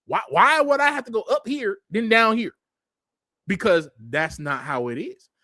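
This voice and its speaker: Heated high-voiced man ranting. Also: lively intonation, moderate pace, sharp tone, dry recording, studio quality. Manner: heated, blunt, repeats himself and goes off on tangents. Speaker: online commentator. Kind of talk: ranting monologue walking through a map.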